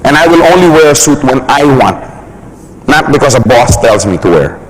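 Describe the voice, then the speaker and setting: A man giving a motivational business talk, laughing often and acting out quick examples in funny voices. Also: medium pitch, sing-song, a little hiss or hum, rough recording. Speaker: business trainer.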